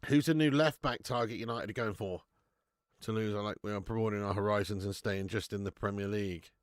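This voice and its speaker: A young man hosting a live football watch-along, chatting casually, swearing freely and answering viewers' comments out loud. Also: on the low side, fairly quick, dry recording, clean studio sound. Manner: excitable, swears, reads chat comments aloud. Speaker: live-stream host.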